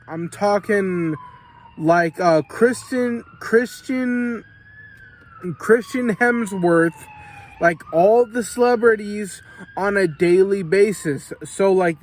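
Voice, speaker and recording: An American man telling a rambling, profane story in a casual vlog while drinking and coughing. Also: high voice. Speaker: vlogger.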